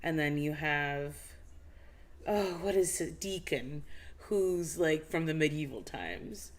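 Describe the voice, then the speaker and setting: A woman co-hosting a casual live-stream chat, telling a story with lots of fillers and acted-out bits. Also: slow. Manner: animated storytelling, acts out scenes with high squeals and laughs; many fillers and restarts. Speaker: podcast co-host.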